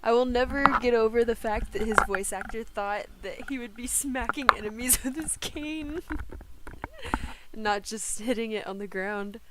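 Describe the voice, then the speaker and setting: A woman's voice: on the high side, a little slow, heavy background noise. A young adult woman streaming a game, chatting casually and giggling often, with a slangy manner. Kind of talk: casual gameplay commentary.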